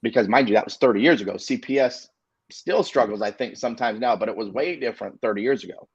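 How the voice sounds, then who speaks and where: A man in his forties, an inspirational speaker, telling a personal story in an earnest, halting way with many fillers and restarts. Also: lowish voice, husky, dry recording, muffled recording. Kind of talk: storytelling on a video call show.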